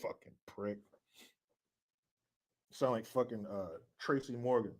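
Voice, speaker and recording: A man's voice: medium pitch, steady tone, slow pace, a little mellow. A man hosting a profane political commentary rant, mocking and laughing often. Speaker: show host.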